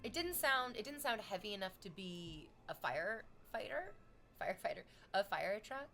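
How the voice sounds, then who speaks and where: A woman streaming, reading chat aloud and chatting casually in an animated, exclamatory way that drifts into tangents. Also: medium pitch, normal speed, soft background music.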